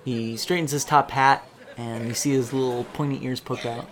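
Man running a tabletop game, mid-pitched, easygoing, laughs a lot, faint guitar music behind. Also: fairly even intonation, normal speed, a bit bright. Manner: chatty, laughs often, easygoing. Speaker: game master.

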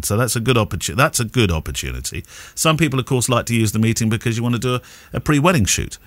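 A man's voice: medium pitch, lively intonation, quick pace, no room sound. A man co-hosting a casual photography podcast, giving wedding advice in a chatty way and laughing easily.

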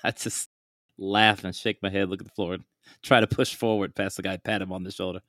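A man's voice: deep voice, little pitch movement, brisk, a bit bright, no room sound, clean studio sound. A man playing a tabletop game, speaking hesitantly and repeating his words. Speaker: player. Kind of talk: casual tabletop play.

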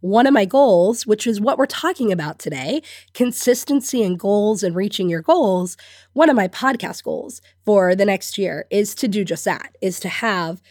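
A woman's voice: medium pitch, lively intonation, normal speed, a little mellow, no echo, studio quality. A woman hosting her own podcast while sick, congested and scratchy-voiced, talking in an upbeat way with frequent little laughs. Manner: upbeat, laughs often between phrases. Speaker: podcast host and business coach. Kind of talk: solo podcast talk.

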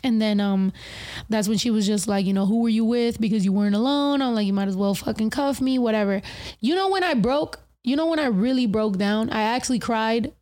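A young woman on a podcast, telling a story with plenty of swearing and lively acted-out quotes. Her voice sits a little high for a woman. She talks casually and loosely. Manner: profane, animated, acts out quotes. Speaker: podcast co-host.

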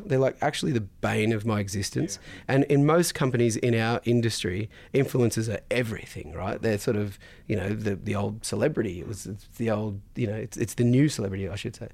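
Aussie guy talking quick, swears a lot, blunt and animated, mid-pitch voice. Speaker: podcast guest, business founder. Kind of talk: casual interview chat.

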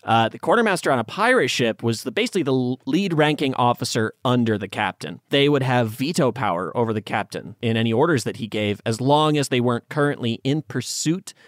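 A man's voice: mid-range voice, lively intonation, a little fast, few pauses, no room sound. Man, podcast co-host, casual storytelling, jokey, dry close sound. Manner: jokey, puts on silly voices.

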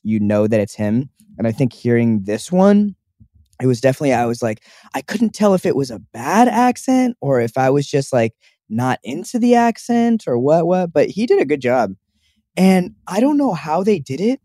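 A man's voice: fairly high pitch, dark tone, no room sound, studio quality. A young man co-hosting a casual chat show, rambling with lots of fillers and restarts. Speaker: podcast co-host.

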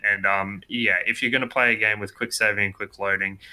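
A man's voice: fairly low pitch, fairly even intonation, a little fast, bright, forceful tone. A man co-hosting a game review podcast in casual chat, opinionated. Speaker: podcast co-host reviewing games.

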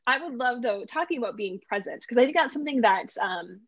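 A woman's voice: on the high side, animated, a little fast, husky, no room sound. A woman host asks thoughtful, hesitant questions in a casual interview. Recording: dull lo-fi call audio.

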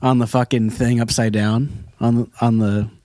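Animated man telling stories. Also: normal speed, dry recording, clean studio sound. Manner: animated storyteller, acts out quotes in high voices, swears. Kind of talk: casual podcast chat.

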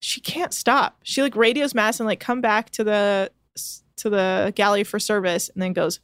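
A woman's voice: mid-range voice, fairly even intonation, normal speed, clean tone, dry recording. A woman co-hosting a casual podcast chat, recapping with sardonic asides, swearing freely and quoting people offhand. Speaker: podcast co-host recapping a reality show. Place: home.

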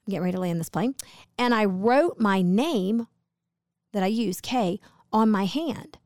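A middle-aged woman tells a rambling story in a chatty, conversational way. Her voice sits in a middle pitch, and the recording is close and dry. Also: expressive, a little slow, a little mellow, dry recording. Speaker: co-host, host's wife. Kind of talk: casual chat.

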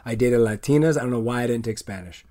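A man's voice: mid-range voice, fast, dark tone. A man from Southern California in a casual chat, defending himself with laughing banter. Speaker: co-host. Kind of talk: casual chat with his partner.

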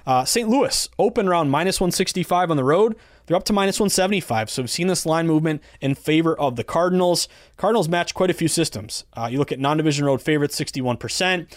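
A man's voice: fairly high pitch, no room sound. Chatty thirty-something man, dry close sound. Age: 30s. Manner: chatty, enthusiastic, rattles off odds and stats. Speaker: podcast host, betting analyst. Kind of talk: casual sports betting podcast.

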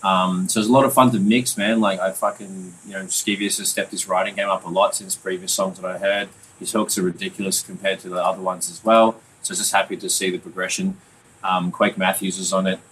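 Low-voiced man chatting loosely. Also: little pitch movement, brisk, fairly bright tone, a little hiss or hum, rough recording. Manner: loose, sweary, full of fillers. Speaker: podcast host and mixing engineer. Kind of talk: casual music review chat.

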